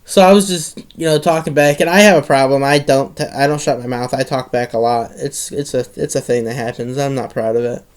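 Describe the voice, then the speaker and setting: A man's voice: medium pitch, fairly even intonation, brisk, hardly any pauses, smooth. A teenage boy telling a story in a casual monologue, rambling with many restarts and some swearing.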